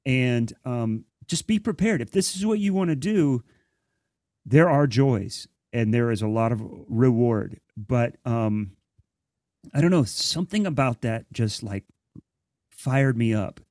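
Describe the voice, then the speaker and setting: A man's voice: mid-range voice, animated, measured pace, darkish tone, dry recording, clean studio sound. A man from Central Ohio who works as a drummer, telling stories in a casual roundtable chat and acting out other people's voices.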